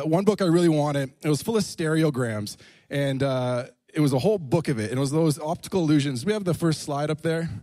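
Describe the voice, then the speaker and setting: A man's voice: medium pitch, warm tone, no echo. A young adult man preaching in a church, telling jokey stories in a playful way. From Canada. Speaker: pastor. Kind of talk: lively sermon with humor.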